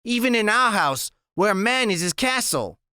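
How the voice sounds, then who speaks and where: A man's voice: big pitch swings, moderate pace, bright, forceful tone, clear, resonant tone, dry recording, exaggerated voice. A tipsy, flirty woman with a slurred, sloppy way of talking, as a male audiobook narrator puts her on. Her voice sits far above his own and lurches along unevenly. The sound is dry and close. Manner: high, slurred, giggly.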